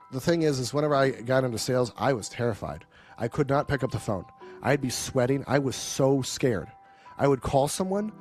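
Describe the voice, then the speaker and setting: A man's voice: medium pitch, a little mellow. A man leading a live sales training, telling his own story in a blunt, casual, profane way and checking in with the audience.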